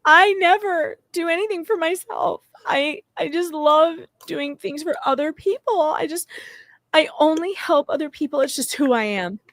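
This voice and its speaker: Woman doing a whiny self-pitying lady, high and pleading, tearful, close dry sound. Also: normal speed, a bit bright, no echo. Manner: pleading, breaking into crying.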